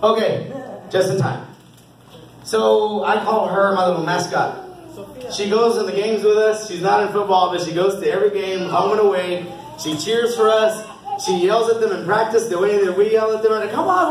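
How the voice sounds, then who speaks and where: A man with a high voice speaks as a youth football coach handing out awards at a team banquet. He is upbeat and encouraging, laughing often. The sound carries the echo of a big hall, heard from some distance off the mic. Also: fairly even intonation, moderate pace.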